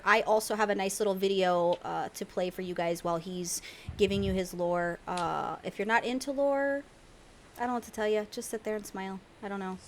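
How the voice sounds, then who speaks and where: A woman's voice: mid-range voice, slight background noise. A woman hosting a gaming podcast, chatty and easy to laugh, talking straight to viewers. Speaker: podcast host. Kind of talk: casual podcast chat.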